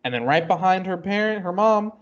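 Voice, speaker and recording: A man's voice: sits high, expressive, a little fast, fairly bright tone, highs cut off. A man co-hosting a comics podcast, talking casually and rambling through a plot recap with lots of fillers. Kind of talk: casual chat.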